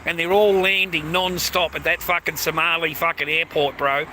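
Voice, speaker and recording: An Australian man streams live from a train station, swearing in almost every line and talking to viewers by name. His voice sits a little high and sounds bright and sharp. A faint hum of traffic and street noise runs behind him. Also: steady tone, moderate pace, low-quality recording. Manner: crude, profane, rambling, chats to viewers by name. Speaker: livestreamer. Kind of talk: rambling outdoor livestream.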